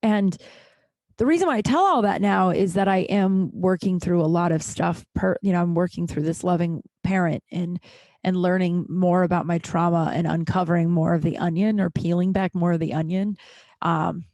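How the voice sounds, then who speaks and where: Rambling candidly through a solo monologue, this podcast host restarts often and swears casually. Her fairly low, darkish voice keeps a moderate pace, and the recording is dry and clean, with studio sound.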